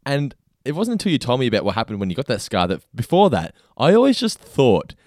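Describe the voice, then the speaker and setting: A man co-hosting a podcast, recapping and teasing his co-host in lively casual chat. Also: medium pitch, quick pace, no echo, studio quality. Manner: animated teasing storyteller.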